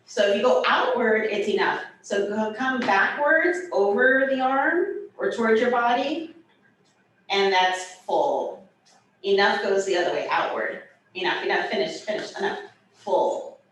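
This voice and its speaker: Slow, playful woman teaching in an echoey room. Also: medium pitch. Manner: slow, animated, playful explanations. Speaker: sign language teacher. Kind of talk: teaching a hybrid class, demonstrating signs. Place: classroom, in person and over video call. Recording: roomy echo, far from the mic, faint room noise.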